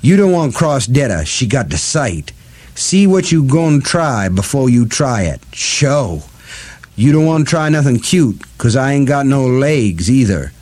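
A man's voice: medium pitch, big pitch swings, measured pace, a little mellow, voice pushed up. A man voicing a cruel, cackling woman captor who taunts and croons her threats in an audiobook. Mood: menacing. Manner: mocking drawl, crooning threats. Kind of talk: audiobook character voice.

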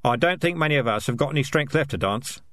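A gruff, practical rat leader, as a man puts him on talks bluntly and plainly in a storybook reading, with a lively lilt to the pitch. The sound is dry and close to the mic. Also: fast, dry recording, natural voice. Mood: weary.

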